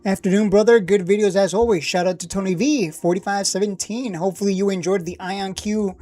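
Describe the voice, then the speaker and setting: Man, stock live-stream host, casual, laid-back, repeats himself, warm low tone. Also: fairly even intonation, a little fast. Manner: laid-back, repeats himself, talks while clicking through screens.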